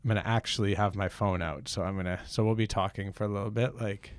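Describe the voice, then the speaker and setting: A man's voice: lowish voice, steady tone, fast talker, no echo. Rambling, joking male podcast host. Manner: rambling, self-deprecating joking. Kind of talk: casual improv podcast chat.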